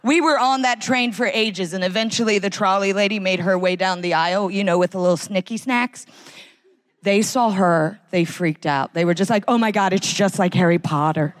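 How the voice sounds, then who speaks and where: An American woman performing a live stand-up routine in a large concert hall, wry and animated. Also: normal speed. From United States. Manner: wry, animated, acts out characters in high voices. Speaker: stand-up comedian.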